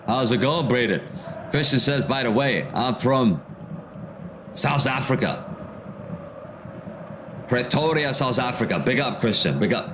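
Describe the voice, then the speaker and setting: A man hosting a football watchalong stream, reading viewer comments aloud and reacting to the match in a relaxed, slangy way. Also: medium pitch, a little slow, pauses often, background noise. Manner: reads viewer comments aloud and answers them, calls out match action, slangy "bro". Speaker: livestream host reading chat during a football watchalong. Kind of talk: casual live commentary and chat reading.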